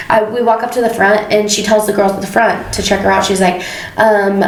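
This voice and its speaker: A woman's voice: medium pitch, normal speed, vocal fry, roomy sound, low-quality recording. A young woman, a hairstylist and podcast co-host, telling stories in casual chat and acting out the people in them. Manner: animated, acts out quoted dialogue, laughs often.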